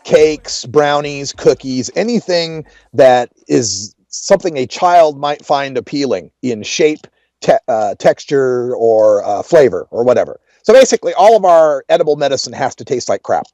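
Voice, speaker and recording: A man's voice: medium pitch, expressive, normal speed, darkish tone, no room sound. A man with a Pacific Northwest accent hosting a show, chatting casually with sarcastic asides. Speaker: host. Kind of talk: casual radio commentary.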